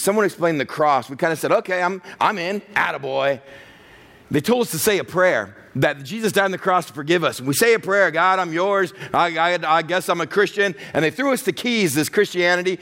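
A middle-aged pastor preaching to his congregation in a lively storytelling manner. He acts out the other people in his story, and his voice sits a little higher than most men's. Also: a little fast. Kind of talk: sermon with personal story.

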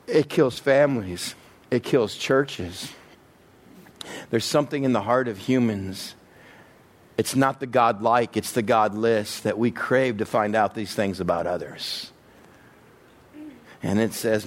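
A man preaching a sermon, joking and acting out quick bits of everyday talk. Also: mid-range voice. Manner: animated, joking, acts out little voices. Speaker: pastor.

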